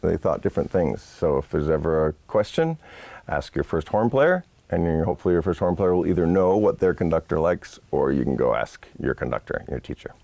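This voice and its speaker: Deep gravelly man teaching horn. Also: very animated, a little fast, darkish tone, dry recording. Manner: patient, explanatory, casual asides. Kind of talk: instructional lesson. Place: studio set.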